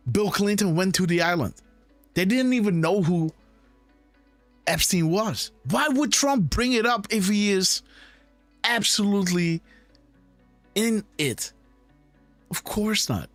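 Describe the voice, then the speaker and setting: Hosting a live show decoding politics, a man with a high-sitting, slightly bright voice talks insistently in rhetorical questions and keeps turning to viewers. "Guys" and "right?" come up constantly. No echo is heard.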